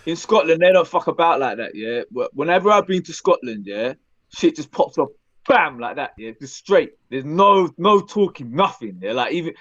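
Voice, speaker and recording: A man telling animated stories as a podcast co-host, often tagging his lines with questions. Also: fairly high pitch, normal speed, no echo, highs cut off. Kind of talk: casual chat, storytelling.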